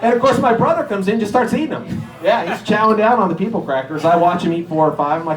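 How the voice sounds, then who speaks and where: A middle-aged man from Erie, Pennsylvania, telling stand-up stories and acting out the people in them with sudden jumps in pitch. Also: quick pace, roomy sound, music in the background, a crowd in the background, rough recording. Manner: animated, acts out characters with jumps in pitch. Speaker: stand-up comedian. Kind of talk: stand-up storytelling.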